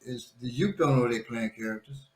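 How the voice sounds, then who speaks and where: A man in his forties co-hosting a casual panel chat, an animated storyteller who mimics other voices. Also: medium pitch, moderate pace, roomy sound. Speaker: podcast co-host.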